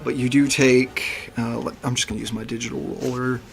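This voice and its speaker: A man narrating a tabletop game as game master, slowing to hushed description. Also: medium pitch, level tone, gravelly.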